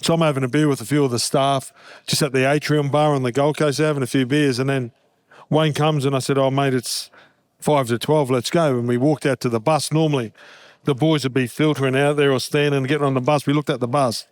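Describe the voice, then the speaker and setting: A man's voice: medium pitch, fairly even intonation, fast, no echo, studio quality. A middle-aged man and former rugby league captain, swearing freely and laughing as he tells casual stories at a live show in a hotel pub.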